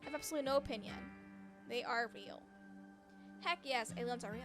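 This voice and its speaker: A woman's voice: fairly high pitch, a little fast, natural voice. A woman voicing an upbeat young cryptid hunter and vlogger, talking in a chatty, earnest way over game music.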